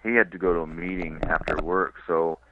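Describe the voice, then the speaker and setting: A man from California, a touring cyclist, telling his road stories on a radio interview in a relaxed, rambling way. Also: deep voice, brisk, noisy background. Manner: relaxed rambling storyteller with restarts and small laughs. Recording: tinny dry phone line.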